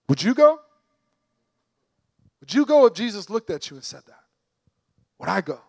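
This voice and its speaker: A man with a strikingly high voice preaches a sermon. He talks emphatically and conversationally and keeps asking his listeners questions. The sound is dry and close, with no room echo. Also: very animated, moderate pace, creaky, long pauses, a little mellow.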